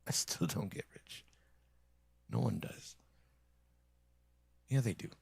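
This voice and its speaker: A male streamer rants in a rambling, resentful monologue, his voice low and gravelly. He often slips into a husky whisper, close to the mic in a dry room. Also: slow pace, darkish tone, dry recording. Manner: bitter, complaining, often drops to a whisper.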